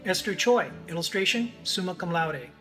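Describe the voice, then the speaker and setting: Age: adult. Sex: man. Role: faculty member addressing graduates. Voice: high and bright. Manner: formal, steady, reading names. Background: soft music. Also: normal speed. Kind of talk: recorded commencement address.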